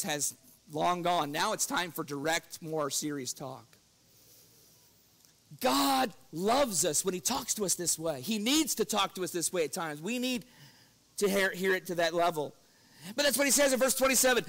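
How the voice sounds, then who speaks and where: Earnest high-voiced male preacher. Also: lively intonation, unhurried, long pauses, fairly bright tone. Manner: earnest, rises in pitch and force when quoting scripture; breaks into chuckles while telling stories. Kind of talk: evening church lesson.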